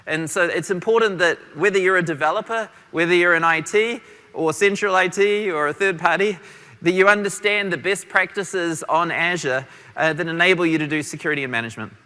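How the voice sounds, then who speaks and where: Bright New Zealand man presenting. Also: high voice, long reverb tail. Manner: energetic, quick, self-deprecating. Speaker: conference presenter. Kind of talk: tech conference talk. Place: large conference hall.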